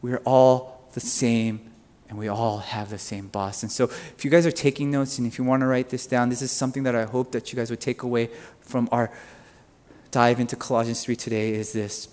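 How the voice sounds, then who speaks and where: A man's voice: medium pitch, level tone, normal speed, a little mellow. A male pastor preaching a sermon and repeating his key lines for emphasis. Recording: long reverb of a church hall.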